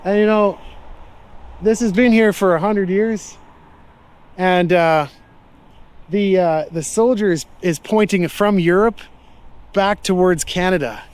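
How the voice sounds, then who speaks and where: Walking outdoors through a city street and park, a male vlogger asks passersby questions in a friendly, reflective manner, loose with his fillers. His voice is high-pitched and a little mellow, slow with long pauses.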